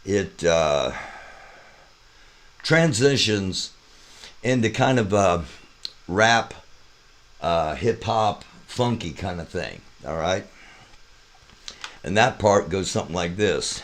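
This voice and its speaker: A man with a low, unhurried voice hosts a live show. He talks through an opening number and breaks into sing-song rhymes along the way. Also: expressive. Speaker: host. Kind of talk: describing and half-singing an opening number.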